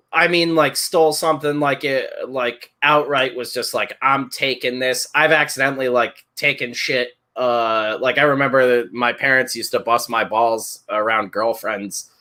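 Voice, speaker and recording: A man in his thirties talking in a loose, rambling way, swearing freely and laughing through his own stories. His voice sounds bright and forward. It has the easy feel of a casual podcast chat. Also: mid-range voice. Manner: rambling, profane, laughs while telling stories. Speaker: podcast co-host.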